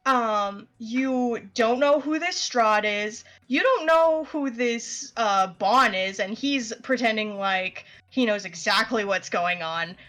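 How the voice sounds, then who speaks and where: A woman game master narrating a tabletop session in a relaxed, filler-heavy way. Her voice sits a little high and she takes her time. Soft music plays behind her. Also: slow, hardly any pauses.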